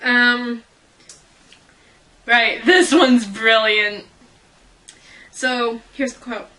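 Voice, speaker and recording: Young woman, fan vlogger, slow giggly ramble, bright tone. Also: a little high, steady tone, low-quality recording. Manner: giggly, rambling, self-deprecating. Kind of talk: casual chat.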